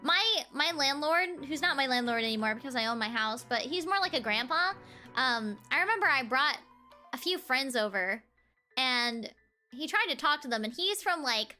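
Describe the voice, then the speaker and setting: A woman's voice: sits high, bright, forceful tone. A young woman from the southern United States streaming, chatting casually with giggles. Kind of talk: casual chat.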